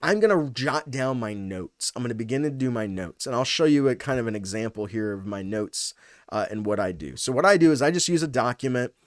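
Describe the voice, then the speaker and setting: A man's voice: mid-range voice, expressive, brisk, dry recording, clean studio sound. A man in his thirties, a pastor, walking through a passage in a casual teaching style, thinking aloud with many fillers and restarts.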